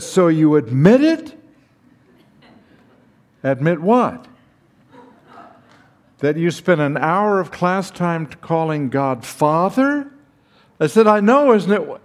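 An older man slowly telling a personal story, acting out the dialogue with dramatic pauses. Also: a little high. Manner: slow, dramatic retelling with acted dialogue. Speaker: speaker recounting his teaching past.

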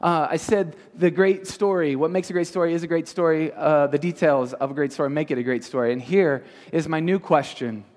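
Question-asking youth pastor in a hall. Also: male voice, fairly high pitch, darkish tone. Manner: asks the audience many quick questions. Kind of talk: interactive youth teaching. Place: large hall with an audience. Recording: reverberant hall.

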